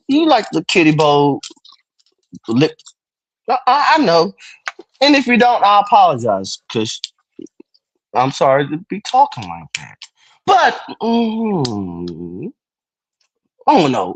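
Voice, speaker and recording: A man's voice: a little high, no room sound. A man hosting a livestream, rambling through crude, joking, teasing chat. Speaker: livestream host.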